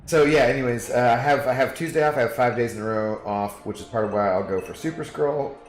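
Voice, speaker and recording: A man's voice: medium pitch, fast talker. A man streaming a game, chatting casually to his viewers in a rambling way with frequent fillers. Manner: rambling, talks to chat with fillers. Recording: echoey room, faint music.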